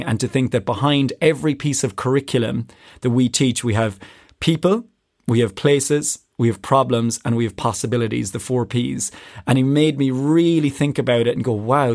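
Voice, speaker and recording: Enthusiastic teacher, dry close sound. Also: male voice, medium pitch, darkish tone, no echo. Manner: enthusiastic, laughs easily, repeats words. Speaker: teacher and podcaster. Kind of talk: conversational interview answers.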